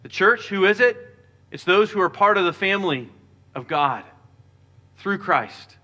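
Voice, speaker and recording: A man preaches a sermon with earnestness, his voice bright, forceful and a touch high. He is expressive and a little slow, and as a pastor reading scripture he softens and lowers his voice.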